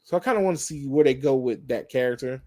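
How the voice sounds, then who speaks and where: A man's voice: medium pitch, quick pace, warm tone. Rambling casual male movie reviewer. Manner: rambling, conversational, frequent laughs and fillers.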